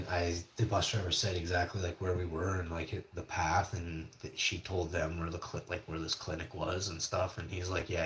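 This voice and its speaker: A man's voice: low voice, a bit bright. A man tells a personal story in a loose, meandering way, leaning on fillers and tossing in curses as he goes. He is recorded in a room with a noticeable echo. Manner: rambling, swears casually, many fillers. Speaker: podcast host. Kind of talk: casual storytelling. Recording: echoey room.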